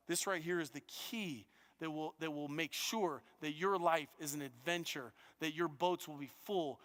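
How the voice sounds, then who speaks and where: A male pastor preaches with earnest urgency, his voice sitting a little high for a man. He trips over words and repeats them as he restarts thoughts. A long reverb from the church hall trails behind every phrase. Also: fairly bright tone, smooth. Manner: earnest, with frequent stammered restarts and repetitions. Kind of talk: sermon. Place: church auditorium.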